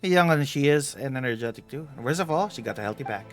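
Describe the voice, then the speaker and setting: A man's voice: mid-range voice, expressive, quick pace, soft background music, lightly acted. A man reading the lines of a teasing, vain aging female treasure hunter aloud while streaming a game.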